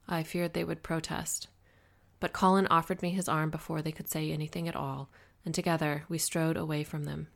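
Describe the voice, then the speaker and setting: Low, gravelly female audiobook narrator, steady and expressive. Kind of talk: first-person audiobook narration.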